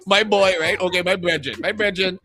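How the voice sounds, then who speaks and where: A man's voice: sits high, moderate pace, sharp tone. A man co-hosting a morning radio show, joking playfully and laughing often. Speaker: radio co-host. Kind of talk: casual radio banter. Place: radio studio.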